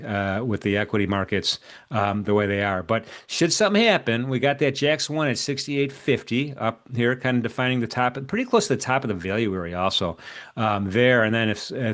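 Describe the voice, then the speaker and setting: A man hosting a live trading broadcast talks through chart levels in a loose, rambling chat, full of fillers and false starts. His voice sits at an ordinary pitch for a man. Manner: casual, rambling, many fillers and restarts. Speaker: market strategist and show host.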